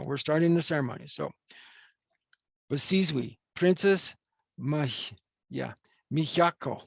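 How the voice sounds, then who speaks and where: A man's voice: on the high side, unhurried, creaky, long pauses, breathy edge, no echo. A man officiating a wedding over a video call, chatty and joking as he rambles.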